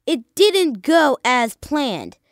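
A woman co-hosting a casual sports chat, animated and dramatic as she talks through the week's games. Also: sits high, extremely slow, dry recording, clean studio sound. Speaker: sports podcast co-host.

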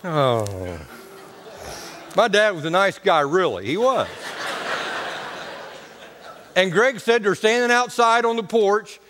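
A man's voice: sits high, expressive, measured pace, long pauses, fairly bright tone, a little hiss or hum. A male pastor preaching a sermon in a folksy, humorous storytelling way, with casual grammar. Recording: church hall reverb.

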